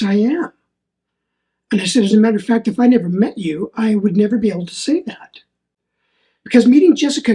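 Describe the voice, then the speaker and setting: A man hosts a solo faith podcast, telling a personal story in an earnest, rambling way and often repeating his words. His voice sits high and is a little mellow.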